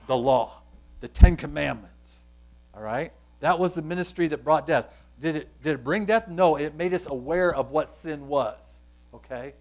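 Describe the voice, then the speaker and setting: Earnest man preaching, soft to loud. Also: on the high side, brisk. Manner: earnest, explanatory, asks rhetorical questions; swings between hushed and loud emphatic passages. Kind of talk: sermon.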